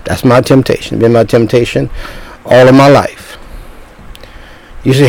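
A man's voice: medium pitch, steady tone, a little slow, a little mellow, no echo, poor audio. An older man preaching a sermon in a blunt, rambling way, often repeating himself.

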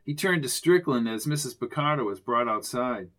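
A man giving scripted narration of a mystery audiobook in a steady, measured way. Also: mid-range voice.

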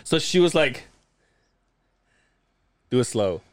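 A man co-hosting a casual podcast, telling rambling stories and breaking into laughter. His pitch swings widely as he acts out what others said. The sound is close and dry, with no room around it. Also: big pitch swings, slow pace, no echo. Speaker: podcast co-host. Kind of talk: casual chat.

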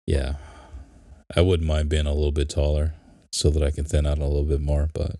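Podcast co-host, male, very low and slow, relaxed joker, dry close sound. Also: no echo. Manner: laid-back, joking, drawn-out delivery. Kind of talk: casual chat.

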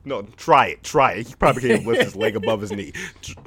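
A man's voice: on the low side, animated, quick pace, fairly bright tone, husky. A man co-hosting a podcast in casual chat, boastful and teasing, laughing often. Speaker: podcast co-host.

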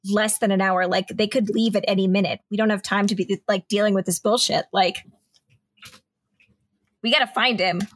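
A woman voicing an impatient, swearing young woman adventurer in a tabletop game, her pitch pushed up. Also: fairly even intonation, moderate pace, no room sound, natural voice. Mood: urgent. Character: exasperated, foul-mouthed young woman adventurer.

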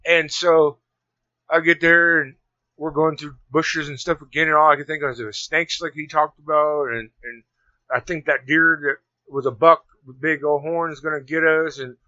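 A man telling a long story in casual conversation, rambling and animated, with many restarts. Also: a little high, moderate pace, no room sound. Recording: dull lo-fi sound.

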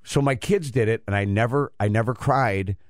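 A man's voice: medium pitch, dry recording, clean studio sound. Rambling middle-aged male radio host. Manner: rambling, halting storytelling. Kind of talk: casual radio banter.

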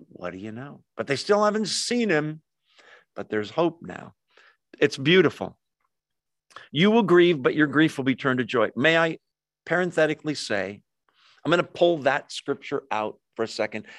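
Animated man preaching a sermon, dry sound. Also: medium pitch, dry recording. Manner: animated, acts out quoted voices, conversational asides. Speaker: pastor.

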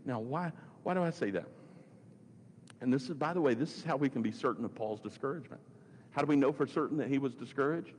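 A man's voice: mid-range voice, quick pace. Man preaching in a reverberant hall. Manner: conversational preaching with sudden swings between loud and hushed; repeats phrases for emphasis. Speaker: pastor. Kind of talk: sermon. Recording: long reverb, faint background noise.

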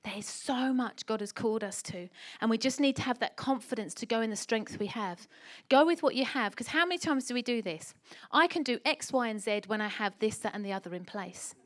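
A middle-aged woman preaching a sermon in an emphatic, animated way, asking the church rhetorical questions. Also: fairly high pitch, a little fast.

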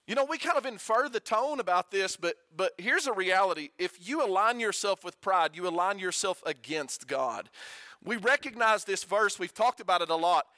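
A middle-aged man preaches in a high, bright, forceful voice. He talks conversationally, tossing rhetorical questions at his listeners and sinking to a quiet hush to drive points home. The sound is dry and close. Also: expressive, moderate pace, no room sound. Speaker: pastor. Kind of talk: sermon.

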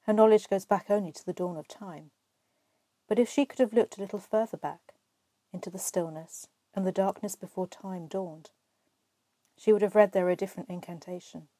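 A woman reading the part of a great, wise male lion who speaks calmly and gravely. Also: mid-range voice, normal speed, no room sound, lightly acted. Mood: solemn.

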